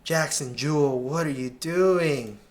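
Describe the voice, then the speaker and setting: A man with a slightly raised voice talks through soccer clips, pausing to point out mistakes. He sounds casual and exasperated, tossing in slang as he critiques the players. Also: a little high. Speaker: soccer analyst. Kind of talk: video breakdown commentary.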